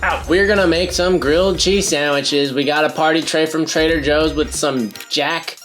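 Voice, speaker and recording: A woman's voice: sits low, fairly even intonation, moderate pace, faint music behind. A young woman from Southern California chatting casually in a home kitchen while cooking, laid-back and jokey with lots of fillers. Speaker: co-host.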